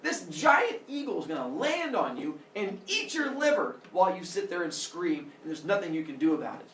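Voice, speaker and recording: Teacher doing a loud showy king of the gods, pitch all over the place, far off in a roomy space. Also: huge pitch swings, moderate pace, slight background noise, heavily acted. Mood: gloating. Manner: big swings from chatty to shouting. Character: boastful, theatrical male king of the gods.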